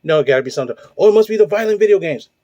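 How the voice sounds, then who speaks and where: Mellow-voiced man ranting bluntly. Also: sits high, expressive, rapid-fire, dry recording, muffled recording. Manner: blunt, profane, heated, rhetorical. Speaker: host. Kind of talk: ranting monologue.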